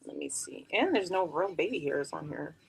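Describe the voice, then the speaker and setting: A woman's voice: fairly low pitch, lively intonation, moderate pace, vocal fry, heavy background noise. A woman in her thirties chatting casually and rambling on a home livestream while working on a wig, with slang and frequent laughter. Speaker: beauty livestreamer. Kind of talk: casual live-stream chat during a wig tutorial.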